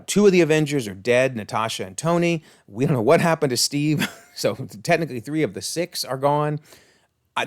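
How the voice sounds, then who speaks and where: A man giving enthusiastic, chatty commentary on a TV series, with frequent laughs and fillers. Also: medium pitch. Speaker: video commentator. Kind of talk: casual commentary.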